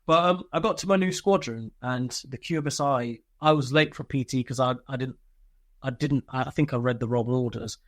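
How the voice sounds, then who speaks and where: A man's voice: mid-range voice, fairly quick, dry recording. A man, telling candid stories from army life as an interview guest, swearing freely and laughing through them. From Britain. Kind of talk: casual interview storytelling.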